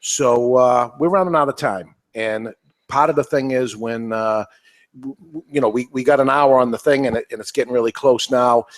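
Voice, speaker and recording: A man's voice: medium pitch, normal speed. A man with a New England accent, hosting a cigar podcast in casual panel chat, rambling and emphatic, repeating himself.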